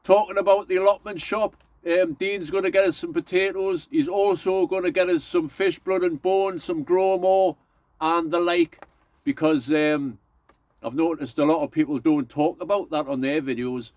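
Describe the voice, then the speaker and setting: Middle-aged vlogger, rambling and folksy, talks a touch high, dry and close. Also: male voice, steady tone, moderate pace, darkish tone, dry recording. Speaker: allotment vlogger. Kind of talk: casual chatty vlog.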